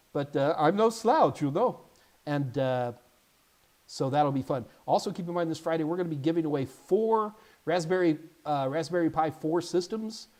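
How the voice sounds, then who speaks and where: Chatty man with a fairly high voice. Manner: chatty and animated, with jokey asides. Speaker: host and IT certification instructor. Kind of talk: casual live Q&A stream.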